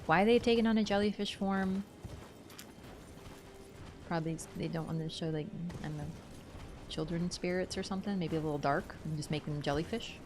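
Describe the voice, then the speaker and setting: A woman's voice: fairly low pitch, brisk, pauses often, noisy background. A woman streaming a game, talking casually through its lore, thinking aloud and answering her chat. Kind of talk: casual livestream lore commentary.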